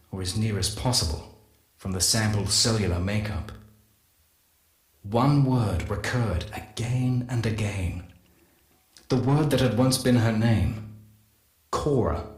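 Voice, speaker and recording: A man playing a solemn male scientist who records a measured, reflective confession in a game audio log. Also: on the low side, echoey room, close to an everyday voice. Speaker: morphology specialist.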